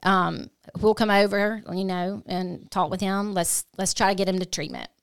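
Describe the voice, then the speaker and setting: A middle-aged woman telling a hard family story as a podcast guest, earnest and halting, often restarting her sentences. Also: medium pitch, steady tone, vocal fry, clear, resonant tone, no echo, clean studio sound. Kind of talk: candid personal storytelling.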